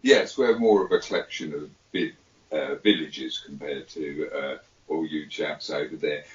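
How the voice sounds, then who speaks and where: A man's voice: rumbling low, unhurried. A man from England with a London accent, chatting as a podcast guest, telling stories with a laugh and playful asides. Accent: London English. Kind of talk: casual conversation. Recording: distant roomy dull remote audio.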